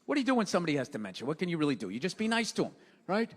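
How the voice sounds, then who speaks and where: A man doing a stand-up comedy set, ranting sarcastically with lots of profanity and frequent shouting. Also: on the high side, big pitch swings, racing. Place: comedy stage before a live audience. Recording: live show with crowd and noise.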